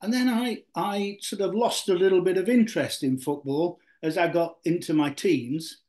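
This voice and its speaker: A man's voice: sits high, moderate pace, a little mellow. An older man from Yorkshire, a former footballer being interviewed, telling long stories full of fillers and restarts. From Yorkshire, England. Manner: rambling with many fillers and restarts. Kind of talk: storytelling interview.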